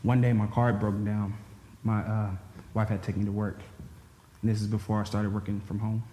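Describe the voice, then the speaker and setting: A man's voice: on the low side, level tone, normal speed, mellow, slight background noise. A man telling an emotional personal story to a church congregation. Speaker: churchgoer giving a personal testimony. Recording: echoey hall with faint ambience.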